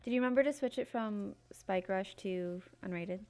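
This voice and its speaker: A woman streaming a team game, talking casually and reacting fast. Her voice is mid-pitched with a noticeable vocal fry. She keeps her tone upbeat and chatty. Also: a little mellow. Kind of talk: casual gaming chat with teammates.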